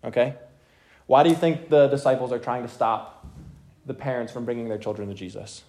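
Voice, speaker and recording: Young man, youth Bible teacher, casual, energetic, keeps checking in with listeners. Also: mid-range voice, a little fast. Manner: energetic, checks in with "okay?" constantly.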